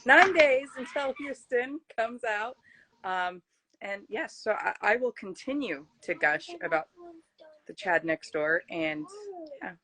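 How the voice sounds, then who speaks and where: A woman's voice: on the high side, big pitch swings, slow pace, pushed and bright, rough recording. Woman, host, casual book talk, gushing and full of restarts.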